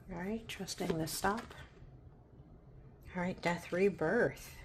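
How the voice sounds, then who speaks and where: A woman giving a pick-a-pile tarot reading in a gentle, affirming way, often checking in with "right?". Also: lowish voice, takes it slowly, pauses often, very noisy. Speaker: tarot reader.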